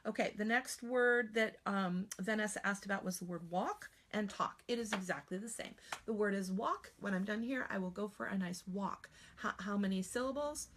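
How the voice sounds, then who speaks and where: A woman's voice: mid-range voice, moderate pace, few pauses, a bit bright, a little hiss or hum. A woman working as a spelling trainer, giving a patient, explanatory teaching demonstration.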